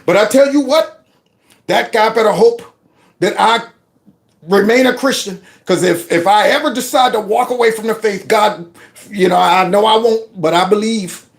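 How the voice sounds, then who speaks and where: A man in his fifties from Youngstown, Ohio, hosting a casual commentary and telling animated, preachy stories in which he acts out the voices. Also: sits high, normal speed, vocal fry. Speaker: host.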